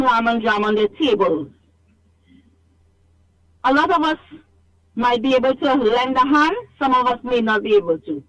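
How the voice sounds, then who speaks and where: A woman's voice: high voice, fairly bright tone. A Trinidadian woman calling in to a radio show, talking emphatically and scolding, repeating herself for stress, over a phone line. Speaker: radio call-in caller. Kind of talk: animated call-in complaint.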